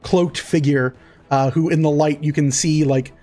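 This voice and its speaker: A man's voice: fairly high pitch, fairly even intonation, a little slow, dark tone, faint music behind. A man narrating a tabletop game as game master, rambling with many fillers.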